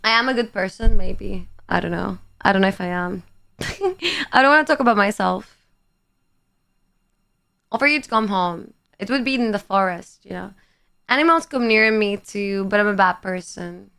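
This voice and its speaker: A woman's voice: medium pitch, moderate pace, gravelly, long pauses, bright, forceful tone, clean tone. A woman in her twenties, a livestreamer chatting casually with her viewers and reading out their comments in a playful, teasing way, swearing freely.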